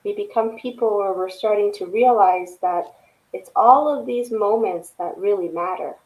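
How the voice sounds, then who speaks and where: A woman's voice: medium pitch, normal speed, a little mellow, poor audio. A woman guest on a podcast interview, an author speaking earnestly and reflectively, often ending points with "right?". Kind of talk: casual interview chat.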